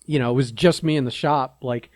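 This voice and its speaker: A man's voice: mid-range voice, steady tone, a little fast, darkish tone, no room sound. A man co-hosting a podcast in casual chat, laid-back and wry, chiming in with jokes. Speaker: podcast co-host. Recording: dry close sound.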